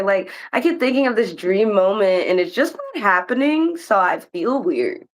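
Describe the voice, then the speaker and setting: An American woman hosting a casual chat podcast, telling stories with lively acted-out quotes. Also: medium pitch, moderate pace, few pauses. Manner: animated storytelling, acts out quoted voices. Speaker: podcast host.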